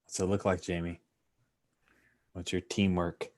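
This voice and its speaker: Brief: lower-voiced male game master, easygoing and talkative, calling a tabletop ballgame over a call. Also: measured pace. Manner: relaxed, chatty, full of fillers, commentator flourishes. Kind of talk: narrating a tabletop baseball game. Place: online call with screen sharing.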